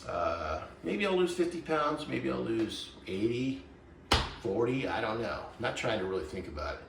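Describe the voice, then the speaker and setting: A man's voice: medium pitch, very animated, normal speed, gravelly, echoey room, far from the mic, background noise. A man in his sixties, chatting in a folksy, rambling, self-joking way while cooking at home. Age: 60s. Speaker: vlogger. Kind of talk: casual kitchen vlog. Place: home kitchen.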